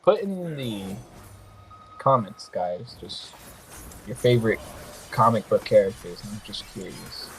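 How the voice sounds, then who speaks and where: A young man commenting on his own mobile game match, excitable and swearing freely, with quick apologetic asides. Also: lowish voice, slight background noise. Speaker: gaming podcast host. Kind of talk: casual gameplay commentary.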